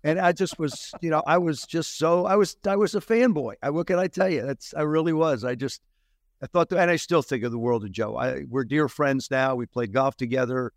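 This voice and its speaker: An older man from New Jersey, a former quarterback telling animated anecdotes as an interview guest. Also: a little high, brisk, dry recording, clean studio sound. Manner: animated anecdotes with laughs and restarts. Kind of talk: storytelling interview.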